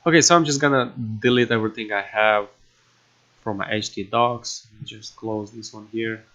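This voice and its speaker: A man at his computer walking through a coding tutorial, halting and filling pauses with "you know" and "um". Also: fairly low pitch, steady tone, fairly bright tone. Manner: halting, with many fillers and restarts. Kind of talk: casual screen-recorded coding tutorial. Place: at a computer indoors. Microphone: desktop microphone. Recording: dull lo-fi desk mic.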